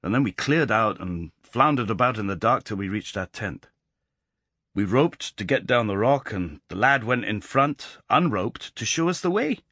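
A man reading a story aloud as an audiobook, expressive and voicing the characters in dialogue. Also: lowish voice, normal speed, husky, no room sound, clean studio sound. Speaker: audiobook narrator. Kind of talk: storytelling narration.

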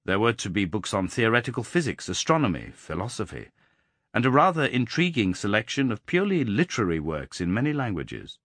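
A man reads a novel aloud in the first person, his fairly low voice rising and falling with lively expression. The delivery is measured and the sound is dry and close, without room echo. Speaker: audiobook narrator. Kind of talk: scripted first-person narration.

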